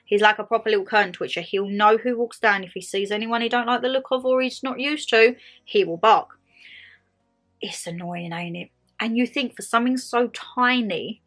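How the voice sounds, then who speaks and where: A woman's voice: on the high side, fairly quick. A woman hosting a casual chat video, ranting animatedly and acting out what people say. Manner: animated storyteller, acts out quotes, laughs often. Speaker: vlog host. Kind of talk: casual chatty rant. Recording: faint music underneath.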